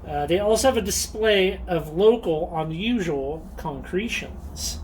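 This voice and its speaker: Animated and high-voiced, the host of a rockhounding channel talks a little slowly yet with hardly any pauses, over slight background noise. His show-and-tell vlog is casual, chatty and enthusiastic, peppered with ums and little laughs.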